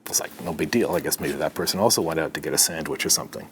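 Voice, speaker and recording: A middle-aged man from Canada, a podcast guest, telling a story in an animated way and acting out the dialogue. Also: a bass voice, racing, a little hiss or hum. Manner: animated, acts out dialogue in his anecdotes. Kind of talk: conversational storytelling.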